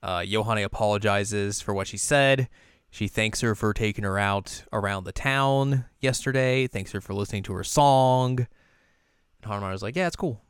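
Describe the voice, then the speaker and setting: A man casually recapping an anime episode, acting out the characters' lines in high squeaky voices. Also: moderate pace, clean tone, dry recording, clean studio sound. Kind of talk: casual reaction chat.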